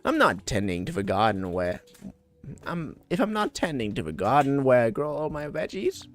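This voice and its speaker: A man's voice: a little high, creaky, pitched above the performer's own voice, full character voice. A man voicing an affectionate, chatty village cook in a game. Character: warm older village cook who dotes on others.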